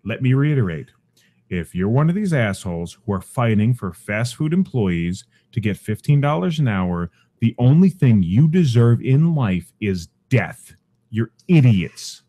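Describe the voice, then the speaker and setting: Brief: young male podcast host, dark mellow tone, shouting a profane furious rant. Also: medium pitch, very animated, measured pace. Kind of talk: angry ranting commentary.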